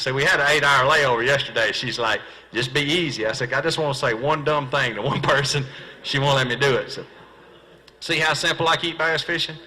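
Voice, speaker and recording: A man's voice: mid-range voice, bright, forceful tone, poor audio. A middle-aged man with a Southern US accent, telling self-mocking stories as a stand-up seminar speaker and acting out the dialogue. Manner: folksy, self-mocking, quick punchlines, acts out dialogue. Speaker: professional bass angler giving a comedy fishing seminar. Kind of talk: stand-up storytelling to a live audience. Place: seminar hall.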